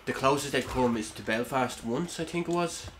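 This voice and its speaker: A man chatting casually while playing a game, relaxed and hesitant with many fillers. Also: mid-range voice, normal speed, a little hiss or hum. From Ireland. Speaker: gaming podcast co-host.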